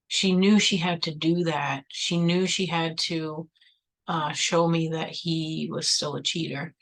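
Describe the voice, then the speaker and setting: A woman's voice: fairly low pitch, fairly bright tone, low-quality recording. A woman vlogger telling a personal story in a chatty way, full of "like" and "you know," acting out her own past replies.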